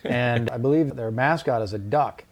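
A man co-hosting a comedy podcast, giving deadpan, absurd made-up answers. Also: mid-range voice, normal speed, slight background noise. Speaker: podcast co-host. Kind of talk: casual comedic chat.

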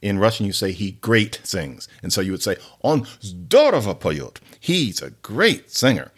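A man's voice: on the low side, sing-song, normal speed, fairly bright tone, husky. A man hosting a podcast, who explains word origins in a chatty, playful way with many digressions. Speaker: podcast host, linguist. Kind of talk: casual explanatory podcast talk.

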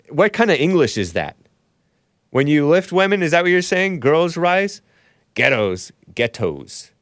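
A man hosting a casual live-stream talk show, rambling and joking, laughing often and jumping into a high voice at times. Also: sing-song, measured pace, fairly bright tone, no room sound, studio quality. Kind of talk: casual live-stream chat reading viewer messages.

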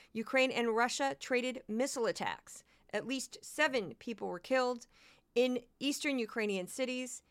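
A woman hosting a casual commentary podcast, chatty and prone to quick asides and repeated words. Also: a little high, fairly bright tone, smooth. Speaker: podcast host.

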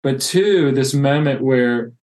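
A man's voice: medium pitch, takes it slowly, darkish tone. A man who plants churches reads from a classic novel and reflects earnestly on faith. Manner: earnest, reflective, with many restarts.

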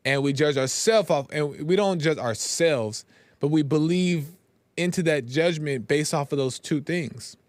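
A man with a slightly higher-pitched voice talks in a loose, conversational way as a podcast host, keeping tabs on his listeners with a frequent "right?". He slips into rough retellings of scenes with quoted lines. The sound is dry and close, with no room echo. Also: unhurried. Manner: conversational, often checks in with "right?". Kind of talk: casual spiritual talk.

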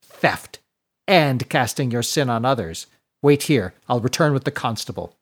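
A man's voice: mid-range voice, animated, unhurried. A man voicing a harsh older head nun in a storybook reading, speaking in clipped growls through his teeth. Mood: furious.

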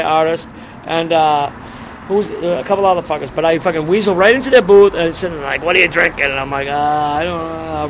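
A middle-aged man from the Boston area with a fairly high voice, rambling through crude, swaggering punk-rock stories. He talks outdoors in front of a bar, and passing cars and loud street traffic fill the background. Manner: profane, rambling, swaggering storyteller. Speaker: punk singer being interviewed. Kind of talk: casual street interview, storytelling. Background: passing cars and city traffic.

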